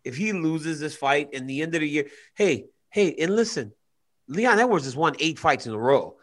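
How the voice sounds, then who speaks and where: A man co-hosting a casual sports chat over a video call, animated and joking, often repeating himself. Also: a little high, normal speed. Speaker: co-host.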